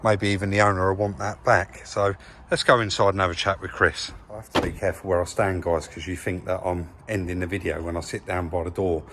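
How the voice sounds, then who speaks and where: A man from England in a car workshop, talking casually to camera as he cleans a car, relaxed and chatty, calling viewers "guys". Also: sits low, a little fast, a little hiss or hum. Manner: chatty, relaxed, says "crack on" and "guys" often. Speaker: car rebuild vlogger.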